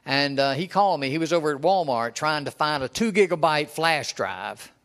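Seventies-age preacher, folksy storyteller, chuckles easily, slightly higher-pitched male voice. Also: animated, moderate pace, a bit bright. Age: 70s. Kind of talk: folksy sermon with personal stories.

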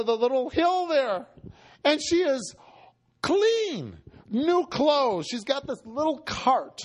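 A man preaching, telling a story in a conversational way and acting out the dialogue, shifting between loud and hushed. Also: very high voice. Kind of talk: storytelling sermon.

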